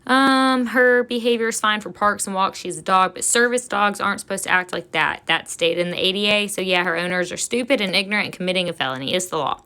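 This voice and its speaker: A woman talks to her viewers in an earnest, lecturing tone, reading out comments one after another. Her voice sits at an ordinary middle pitch, and her talk is plain commentary rather than performance. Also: quick pace, hardly any pauses, bright, forceful tone, clear, resonant tone. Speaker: vlogger, service dog handler.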